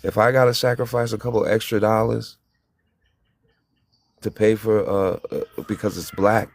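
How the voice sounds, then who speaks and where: A man's voice: on the low side, level tone, normal speed, creaky. A man in a heated group talk, preaching and telling stories with acted-out quotes and some cussing. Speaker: panelist. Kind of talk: impassioned group discussion.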